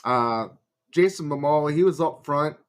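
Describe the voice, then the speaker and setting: Higher-voiced man with a Chicago accent. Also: measured pace. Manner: enthusiastic, hesitant starts, leads the topic. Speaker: podcast co-host. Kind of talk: casual chat.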